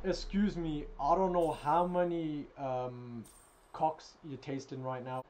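A man's voice: on the high side, steady tone, takes it slowly, background noise. Profane man ranting over gameplay. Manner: loud, profane trash-talking rant. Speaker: gaming channel host. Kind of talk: live gameplay commentary.

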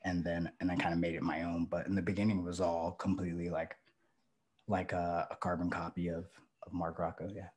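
Man, very low voice, rambling interview guest, many fillers and restarts. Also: level tone, brisk, darkish tone. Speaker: guest, pro wrestler. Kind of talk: casual interview talk.

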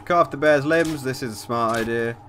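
This horror let's play features a man with a mid-range, brisk voice against a noisy background, captured by a desk mic with facecam. He swears a lot, reacts jumpily to scares, and reads the game's text out loud.

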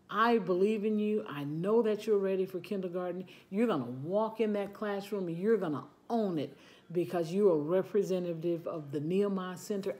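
A woman preschool teacher speaking gently and encouragingly to her class as she says goodbye. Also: fairly low pitch. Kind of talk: farewell talk to a preschool class.

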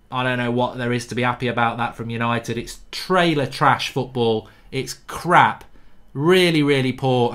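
A man's voice: mid-range voice, fairly bright tone. A man hosting a live football fan reaction stream in a blunt, sarcastic, ranting manner.

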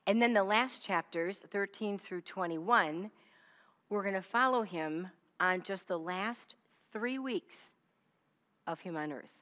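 Woman Bible teacher, mid-pitched, emphatic and repetitive, quizzes her group; long hall reverb. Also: takes it slowly, a bit bright. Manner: emphatic, repeats key phrases, quizzes listeners.

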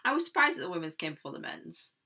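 Bright-voiced woman, chatty. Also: lowish voice, big pitch swings, quick pace. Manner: chatty, asks questions, with tag questions. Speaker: podcast co-host. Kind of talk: casual chat.

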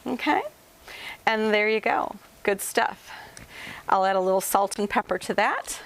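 A woman's voice: medium pitch, measured pace, vocal fry, rough recording. A woman giving a home cooking demonstration in a kitchen, talking to viewers in a chatty, folksy and playful way.

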